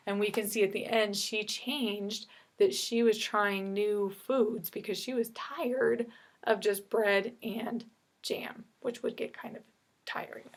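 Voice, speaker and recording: Brisk woman teacher, "okay?" after each point. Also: medium pitch. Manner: brisk, explanatory, checks with "okay?". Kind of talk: online reading lesson. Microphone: computer mic with screen share.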